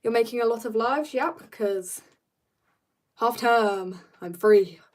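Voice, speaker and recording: A teenage girl from South Africa, a little husky from being ill, rambling playfully as she greets viewers and chats while drawing on a live stream. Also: on the high side, slow pace. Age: teens. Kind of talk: casual live-stream chat.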